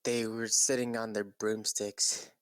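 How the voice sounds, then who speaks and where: A young man giving a comedic dramatic reading in a deadpan voice, with exasperated asides. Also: fairly low pitch, unhurried, clean tone, dry recording. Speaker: YouTuber.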